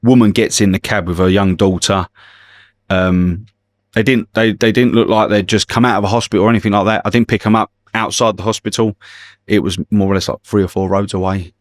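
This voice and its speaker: A man's voice: lowish voice, fairly even intonation, fairly quick, dry recording. A middle-aged man, telling swearing-laced anecdotes in a podcast interview and slipping into the voices of his passengers. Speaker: guest comedian and former cab driver.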